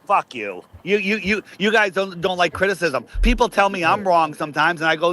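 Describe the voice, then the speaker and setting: A man's voice: high-pitched, lively intonation, brisk, hardly any pauses, bright, forceful tone. Angry swearing man arguing. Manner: angry, swearing, repeats words when cut off. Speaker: guest. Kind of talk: heated argument.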